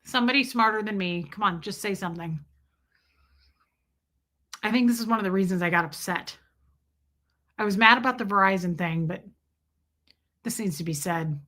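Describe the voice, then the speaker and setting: Hosting a casual livestream, this woman speaks at a moderate pace in a mid-range voice, with long pauses. Her rants and stories are animated and full of swearing, and she addresses her chat directly.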